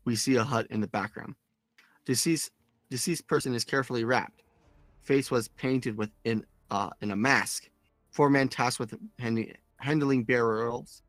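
A man co-hosting a podcast, reading listener comments aloud in a casual, halting way. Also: medium pitch, fairly bright tone, no echo. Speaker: podcast co-host. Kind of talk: casual chat.

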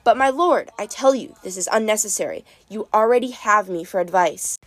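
A woman's voice: mid-range voice, animated, a little fast, natural voice. A woman voicing a complaining, servile old male ghost. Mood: grumbling. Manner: complaining, fawning.

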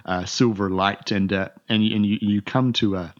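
A man's voice: fairly low pitch, fairly even intonation, moderate pace, dull audio. A man narrating as game master in a rambling way, with many restarts and fillers.

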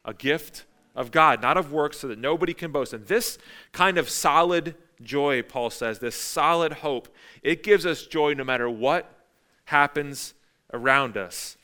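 Male pastor, middle-aged, bright crisp voice, chatty emphatic sermon delivery. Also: a little high, measured pace. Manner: conversational, emphatic, repeats phrases.

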